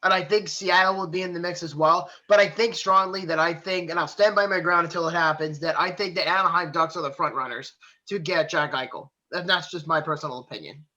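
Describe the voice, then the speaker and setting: Podcast guy, high bright voice, chatty, swears when he gets riled. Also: brisk, highs cut off. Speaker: podcast co-host. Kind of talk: casual sports podcast chat.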